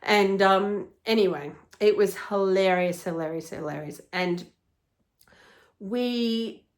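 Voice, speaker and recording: A woman's voice: medium pitch, slow. A middle-aged woman, a life coach, talking casually to camera in a chatty, upbeat way, often laughing.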